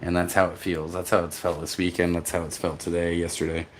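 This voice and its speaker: Low-voiced tired man chatting casually. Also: flat delivery, a little hiss or hum. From Texas. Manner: rambling, halting, with restarts and laughs. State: tired from poor sleep. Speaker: vlogger reading live chat. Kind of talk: casual live-stream chat.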